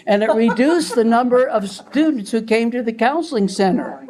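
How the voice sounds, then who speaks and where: A man's voice: extremely high pitch, expressive, moderate pace, few pauses, a little mellow. An older man giving a recorded classroom lecture in a conversational way, chuckling often.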